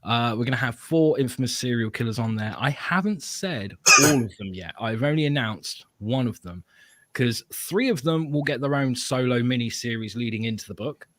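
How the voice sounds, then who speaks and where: A man's voice: medium pitch, lively intonation, moderate pace, slight background noise. A man with a British accent, a guest on a podcast, playfully telling stories and acting out his own thoughts. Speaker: guest, comic book creator. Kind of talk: casual chat.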